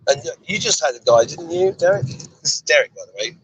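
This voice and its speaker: A man's voice: on the high side, expressive, a little fast, fairly bright tone, muffled recording, slight background noise. An English man hosting a casual road-trip chat from inside a car, joking and teasing his guest. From England. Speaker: host.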